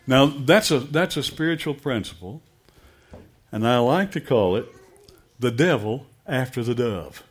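A man's voice: mid-range voice, lively intonation, measured pace, husky. A middle-aged pastor preaching a sermon, emphatic and asking his congregation direct questions.

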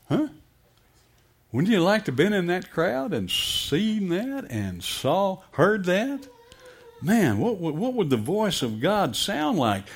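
A man's voice: fairly high pitch, breathy edge. A middle-aged pastor preaching a sermon, emphatic and asking his congregation direct questions.

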